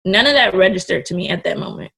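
A woman's voice: fairly low pitch, lively intonation, quick pace, vocal fry, a bit bright, slightly rough. A young woman in her twenties, a podcast guest, telling a story in casual, candid, blunt talk and swearing freely. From California Bay Area.

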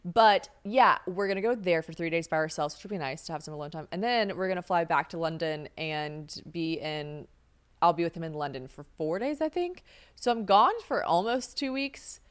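A young American woman hosts a casual podcast chat in a clear, resonant, lowish voice with lively intonation and a moderate pace. She's chatty and swears, laughing often as she acts out what other people said.

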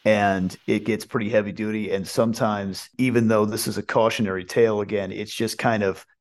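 A man with a somewhat low voice joins a relaxed album review chat. He speaks with wry, dry humor and sounds easygoing. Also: a little fast. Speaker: podcast co-host reviewing an album. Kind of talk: casual chat.

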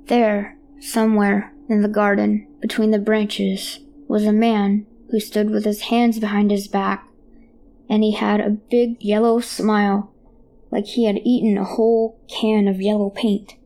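A woman's voice: medium pitch, little pitch movement, a little slow, dark tone, a little hiss or hum. A woman reading a horror story aloud in a child's hesitant first-person voice. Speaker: narrator. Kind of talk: scripted horror narration.

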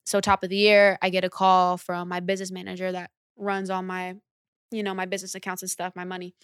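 A young woman, a recording artist, telling her story in a casual interview, slangy and animated, acting out her own reactions. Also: fairly low pitch, fast, clear, resonant tone, no room sound, studio quality.

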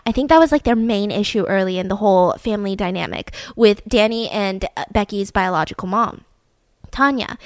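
A woman's voice: a little high, dry recording, clean studio sound. Chatty young woman telling a story. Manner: animated, chatty, lots of fillers. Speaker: storyteller host. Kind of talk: casual storytelling chat.

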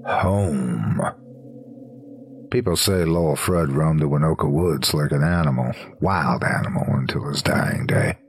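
A man narrating a scripted horror story in a slow, low, hushed storytelling manner. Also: slight background noise.

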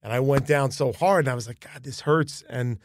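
A man who is a comedian guest, telling a story in relaxed, chatty podcast talk. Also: medium pitch, fairly quick, no room sound.

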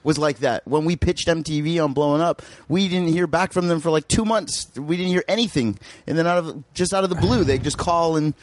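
A man, an actor and rapper, chatting casually on a podcast, musing slowly and chiming in. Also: on the high side, no echo.

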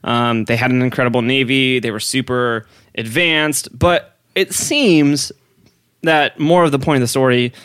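A man's voice: mid-range voice, steady tone, a little slow, a bit bright, clean tone, dry recording. Giggly, wired man on a dry mic. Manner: giggly, hyper and rambling, fillers like um. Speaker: podcast co-host explaining history. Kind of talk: casual educational podcast chat.

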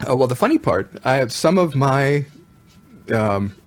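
A man as a musician guest in an interview, telling his stories in a thoughtful, measured way. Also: mid-range voice, big pitch swings. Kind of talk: casual interview chat.

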